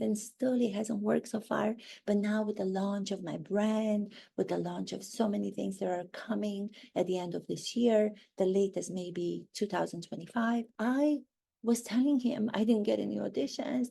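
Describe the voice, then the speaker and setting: A woman's voice: medium pitch, creaky, dark tone, husky. A woman playing a haughty, self-absorbed duchess in a rambling parody monologue.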